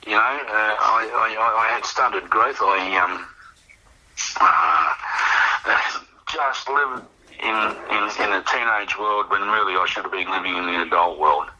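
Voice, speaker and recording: A man's voice: lowish voice, a little slow, bright, forceful tone, highs cut off, a little hiss or hum. An older Australian man telling a personal recovery story in a rambling, reflective way, often repeating words as he goes. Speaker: guest sharing recovery story.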